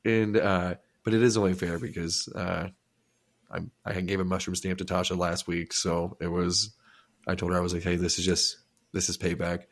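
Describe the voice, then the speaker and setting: A man's voice: deep voice, flat delivery, moderate pace. A middle-aged man co-hosting a podcast, chatting casually and joking with friends. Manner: joking, swears, laughs a lot. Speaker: podcast co-host. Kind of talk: casual chat.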